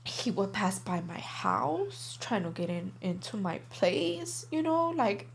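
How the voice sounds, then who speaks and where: A woman's voice: mid-range voice, very animated, slow, creaky. Young woman, interview guest, candid storytelling, profane, lots of fillers.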